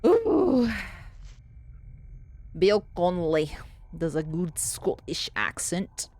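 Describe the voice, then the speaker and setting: A woman streaming a game, chatting easily with her viewers. Her pitch rises and falls a lot as she talks, and she reads in-game notes aloud between remarks. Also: lively intonation, unhurried. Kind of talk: casual gameplay commentary.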